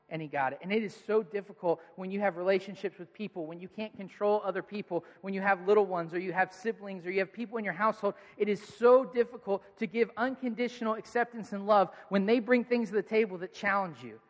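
A man's voice: sits high, fast, a bit bright. A man in his thirties preaching a sermon, telling family stories in an earnest, conversational way. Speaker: pastor. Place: church auditorium with audience. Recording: long hall reverb.

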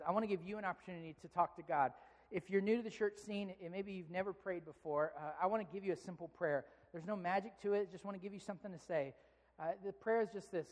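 A male pastor giving a sermon, telling a story with lively, animated delivery. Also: high-pitched. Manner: animated storytelling, shouting quoted outbursts. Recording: long hall reverb.

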